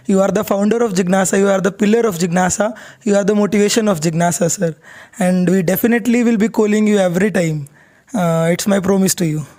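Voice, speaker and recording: Man, high-pitched, courteous interviewer. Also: fast talker, a little mellow. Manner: polite, deferential, hesitant fillers.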